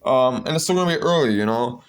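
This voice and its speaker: A man's voice: mid-range voice, quick pace. A young man talking to the camera in a casual vlog, preaching and rambling as he repeats words while he searches for the next one. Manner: gets loud and excited when retelling a story. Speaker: vlogger.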